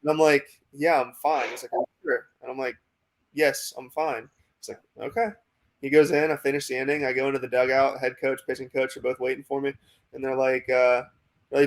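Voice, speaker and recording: Relaxed young man, even-toned storytelling. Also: mid-range voice, brisk, creaky. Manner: rambling, heavy with "like" and "you know"; acts out quoted coaches in dialogue. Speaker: pitching prospect guest. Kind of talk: casual storytelling interview.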